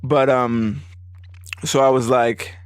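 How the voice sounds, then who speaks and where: A man hosting a podcast and telling a story casually, animated and profane, jumping high in pitch when he quotes others. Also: slow, clear, resonant tone, dry recording, studio quality. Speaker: podcast host; business owner.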